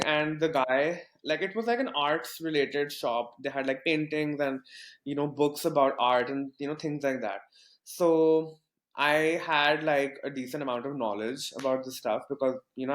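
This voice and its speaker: A man's voice: fairly high pitch, fairly even intonation, normal speed, reverberant. A young man from Pakistan, a podcast guest telling a story casually with lots of fillers and restarts. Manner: rambling, many fillers and restarts.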